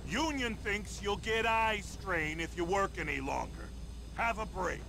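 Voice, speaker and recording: A man's voice: high-pitched, lively intonation, measured pace, gravelly, exaggerated voice. An actor playing a bossy male dock foreman in a game, barking impatient orders at a crane driver.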